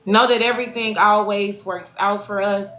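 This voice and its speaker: Signing off a live stream to her followers, a woman spiritual life coach speaks in a slangy, affirming, profane way, repeating phrases for emphasis. Her mid-range voice is a bit bright, with fairly even intonation at normal speed. The room is echoey, with faint background noise.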